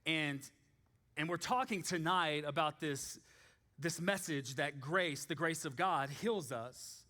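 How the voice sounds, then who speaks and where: A man, preaching a sermon in a church in a casual, animated storytelling way with many fillers. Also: fairly high pitch, takes it slowly. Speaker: pastor.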